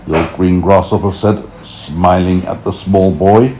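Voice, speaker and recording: A man reading a storybook aloud for toddlers, expressive and unhurried, pausing to explain things. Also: low-pitched, a little hiss or hum, rough recording.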